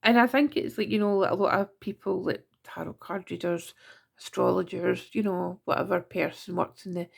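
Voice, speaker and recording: A woman's voice: on the low side, steady tone, moderate pace, gravelly, husky. A Scottish woman giving a casual monthly tarot reading, chatty and self-mocking with giggly asides. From Scotland. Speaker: tarot reader.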